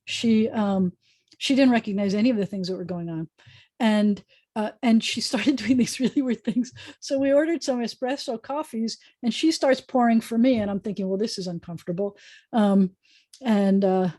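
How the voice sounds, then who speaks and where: A woman's voice: a little high, moderate pace, warm tone, no echo. A woman rabbi giving a casual online lesson over a video call, chatty and thinking aloud with many fillers. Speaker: rabbi teaching a class.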